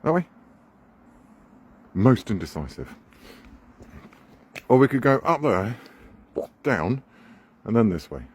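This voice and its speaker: A man's voice: mid-range voice, big pitch swings, takes it slowly, long pauses, husky. A man outdoors on a walk, playfully coaxing and chatting with his pet raven. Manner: coaxing, playful, talks to the bird.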